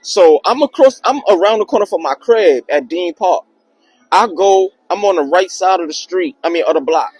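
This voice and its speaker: A young man telling a personal story in a casual, slangy, animated way on his vlog. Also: sits high, moderate pace, husky, dry recording, faint music behind, rough recording. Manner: slangy, animated retelling with acted quotes.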